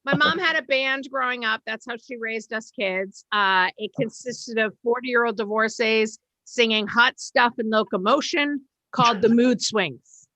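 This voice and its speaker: A woman's voice: on the high side, a little slow, sharp tone, no echo, low-quality recording. A woman from Boston doing a brash, self-deprecating stand-up set on a video call from home. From Boston, USA. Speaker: stand-up comedian.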